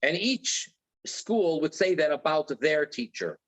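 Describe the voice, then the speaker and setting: A man's voice: a little high, lively intonation, a little slow, fairly bright tone, rough recording. A man teaching a religious lecture in an earnest way, repeating key phrases for emphasis.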